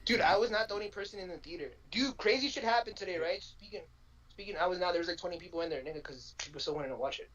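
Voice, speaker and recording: Husky-voiced woman on a podcast. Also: fairly low pitch, very fast, low-quality recording. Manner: animated storytelling, full of swearing and slang. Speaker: podcast co-host. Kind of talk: casual podcast chat.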